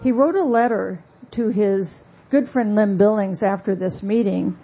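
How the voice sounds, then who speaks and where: Woman author, book talk, mellow husky voice, wry asides, dull lo-fi recording. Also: mid-range voice, a little slow. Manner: conversational, frequent fillers, wry asides.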